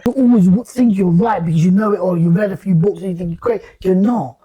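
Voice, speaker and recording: A man, a podcast guest in casual chat, telling stories in an animated, emphatic, slangy way. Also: high-pitched, fast talker, highs cut off, a crowd in the background.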